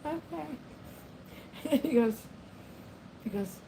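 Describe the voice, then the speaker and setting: A woman's voice: mid-range voice, fairly even intonation, unhurried, mellow, slight background noise, low-quality recording. Woman, casual vlogger; rambling and laughing, mid-range voice. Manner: rambling, laughs often, talks to her pet. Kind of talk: casual chat to camera.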